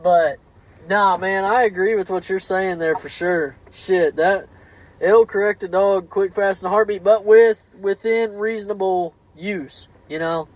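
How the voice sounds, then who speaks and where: High-voiced man, animated and profane. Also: measured pace, poor audio. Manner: animated, profane storytelling with many restarts. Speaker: podcast host. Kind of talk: casual podcast chat.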